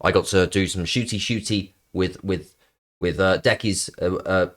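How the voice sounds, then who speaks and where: A man's voice: low voice, steady tone, normal speed, fairly bright tone. A man streaming live, chatting casually to viewers in a playful, sarcastic, rambling way with plenty of ums.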